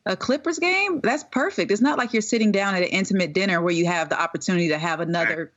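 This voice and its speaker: A woman co-hosting a podcast, chatting in a relaxed way about a TV episode. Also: medium pitch, fast, dull audio. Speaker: podcast co-host. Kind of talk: casual chat recapping a TV episode.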